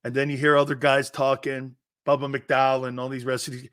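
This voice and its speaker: A man's voice: mid-range voice, level tone, a little fast, a bit bright. A middle-aged man hosting a sports talk show, a brash, laughing trash-talker telling stories.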